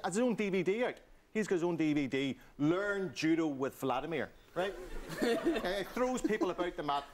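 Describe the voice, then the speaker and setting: A man's voice: high-pitched, a little hiss or hum. A man with a Northern Irish accent, a comedy panelist ranting in a mocking, digressive stand-up style. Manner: animated, mocking, digressive storytelling.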